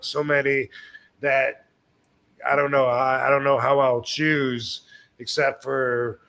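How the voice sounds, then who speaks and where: Male stream host, mid-pitched, talking loosely and bluntly with crude humor and lots of filler. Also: a bit bright. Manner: rambling and blunt, with crude jokes and many fillers. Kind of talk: casual live-stream chat.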